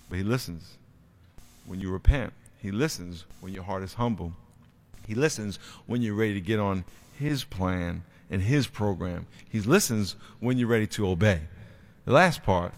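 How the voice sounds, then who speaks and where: A man preaching with a somewhat low voice, telling stories with lots of energy. He drops to a hush for serious points, then gets loud and excited. It sounds like a spoken sermon from the pulpit. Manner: animated storyteller, acts out kids' voices, swings from quiet to loud. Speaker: pastor and youth football coach. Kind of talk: sermon with storytelling.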